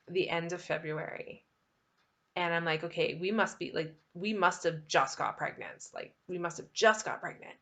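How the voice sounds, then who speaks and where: A woman's voice: fairly low pitch, pushed and bright. Chatty, candid woman telling her story. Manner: candid, chatty, laughs between sentences. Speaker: vlogger. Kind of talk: personal storytelling.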